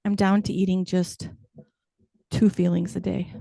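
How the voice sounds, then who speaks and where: A woman's voice: lowish voice, little pitch movement, unhurried, vocal fry, warm tone, no echo. A woman in her fifties performing a stand-up comedy set with wry, self-deprecating punchlines. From United States. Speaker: stand-up comic.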